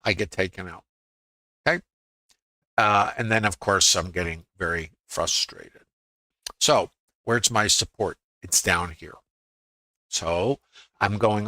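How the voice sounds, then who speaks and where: A man's voice: on the low side, a little slow, bright, forceful tone, dry recording. A middle-aged man on a live stream, walking through his trades on screen and thinking aloud, quoting his own inner voice as he goes. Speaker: trading educator on a live stream. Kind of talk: live screen-share trading review.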